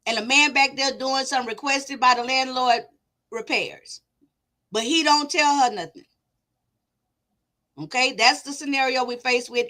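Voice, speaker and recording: With a high-pitched, sharp-toned voice, a woman hosting a commentary channel reads out comments from viewers and offers her opinion. She keeps it casual, chatting things over with her audience.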